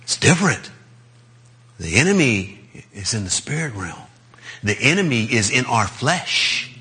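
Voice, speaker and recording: Husky male preacher, low voice, loose conversational sermon. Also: fairly bright tone.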